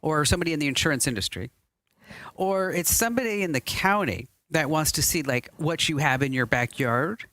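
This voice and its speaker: Lively, laughing woman podcast host. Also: sits low, a little fast, no room sound. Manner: chatty, laughs often, lively storytelling. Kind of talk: casual studio banter. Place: podcast studio set.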